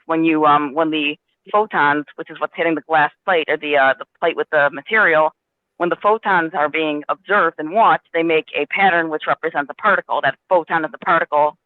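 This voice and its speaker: A man's voice: fairly high pitch, dry recording. A man earnestly telling a personal story in a casual spiritual discussion, with many restarts. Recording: dry, tinny phone line.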